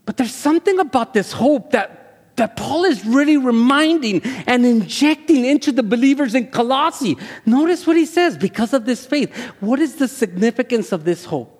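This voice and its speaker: A male pastor who speaks Spanish as his first language, preaching a sermon that swells into loud, high-pitched passion. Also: animated, moderate pace. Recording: echoey hall with long reverb.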